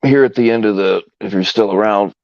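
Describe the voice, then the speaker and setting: Deep gravelly man, casual chat. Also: no room sound, dull audio. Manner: halting, laid-back, with many fillers. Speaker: live stream host.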